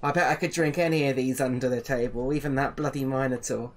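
A man's voice: mid-range voice, steady tone, fast, a little hiss or hum, close to an everyday voice. Brash hard-drinking young woman, as a man puts her on. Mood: boastful. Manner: brash, bragging.

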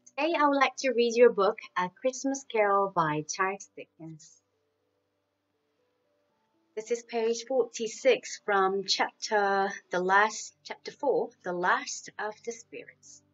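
A woman's voice: medium pitch, slow pace, fairly bright tone. A woman reading a storybook aloud in an earnest, careful way. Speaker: reader. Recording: dull lo-fi, new-age music behind.

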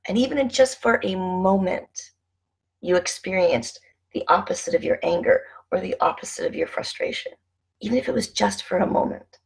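A woman's voice: mid-range voice, normal speed, vocal fry, husky, poor audio. A woman giving a casual, frank motivational talk at home, chatty and blunt, swearing now and then. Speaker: host.

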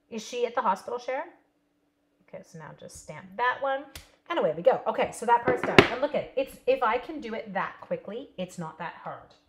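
A woman teaching a live card-stamping class in a casual, chatty way, talking to her viewers by name. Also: fairly low pitch. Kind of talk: casual live craft demo.

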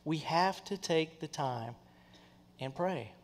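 A man with a fairly high voice preaches a sermon in a large church hall, and the sound rings with a long reverb. He tells his story with energy and acts out each person in it. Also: slow. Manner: animated, acts out quoted people in his stories. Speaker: pastor.

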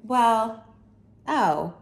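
A woman's voice: a little high, lively intonation, very slow, creaky. A woman filming a family vlog, gushing and giggling in baby talk to her infant. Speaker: vlogger parent. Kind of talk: casual family vlog chat.

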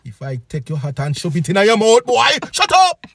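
Guy doing a bragging uncle, high voice all over the place, bossy and cocky. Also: huge pitch swings, normal speed, husky, no echo, exaggerated voice. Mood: scolding. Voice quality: swaggering, scolding, patois-flavored. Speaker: comic character. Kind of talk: comic sketch monologue.

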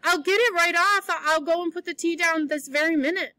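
A woman's voice: very high voice, fairly quick, bright, forceful tone, no room sound. A woman reading aloud as a talkative, imaginative girl, pleading with breathless restarts.

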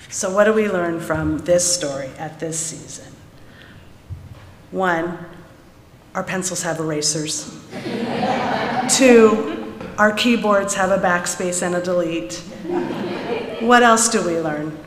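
A woman tells a story to a congregation, voicing the characters with lively energy. Her voice rings out through a large sanctuary with a long, hollow echo, and a faint hum sits underneath. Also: on the low side, slow, long pauses. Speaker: storyteller at a synagogue service. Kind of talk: reading a children's story aloud, then teaching. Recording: echoey hall, from a room mic.

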